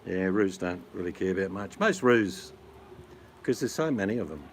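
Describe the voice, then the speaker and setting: Low-voiced blokey Aussie man. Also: expressive, normal speed, slight background noise. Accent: Australian. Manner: blokey, joking, rambling. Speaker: vlogger answering chat. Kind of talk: casual chat.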